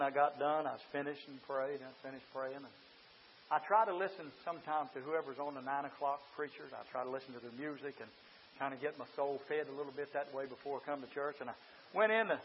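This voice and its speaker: High-voiced preacher. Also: male voice, lo-fi sound, slight background noise. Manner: swings from shouting to quiet confiding. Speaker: pastor. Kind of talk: sermon. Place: church.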